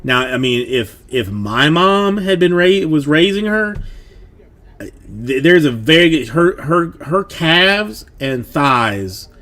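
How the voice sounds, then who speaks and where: A man's voice: fairly high pitch, very animated, slow pace, fairly bright tone. A man in his thirties chatting casually on a livestream about being a father, rambling with plenty of fillers and restarts. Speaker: streamer, father of a young daughter.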